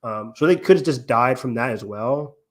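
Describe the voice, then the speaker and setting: A man's voice: mid-range voice, lively intonation, normal speed, fairly bright tone. A man hosting a podcast in casual discussion, thinking aloud and rambling with lots of fillers. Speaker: podcast host.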